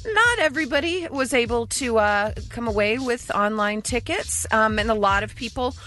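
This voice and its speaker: Female radio co-host, upbeat, lively bright voice, faint music behind. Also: fairly high pitch, normal speed. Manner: playful, upbeat. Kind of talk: radio show banter and announcements.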